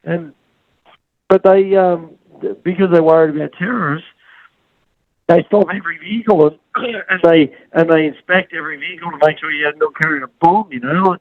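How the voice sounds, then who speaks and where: An Australian man with a fairly high voice tells loose, rambling anecdotes as a podcast guest. He stumbles and restarts often and slips into the voices of the people in his story. The sound is dry and a little dull. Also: steady tone, normal speed, dry recording. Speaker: guest, flat track motorcycle racer.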